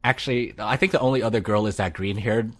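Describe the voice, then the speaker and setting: A man's voice: lowish voice, fast talker. A man co-hosting a casual anime podcast, rambling and laughing often. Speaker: podcast co-host. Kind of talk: casual chat about anime.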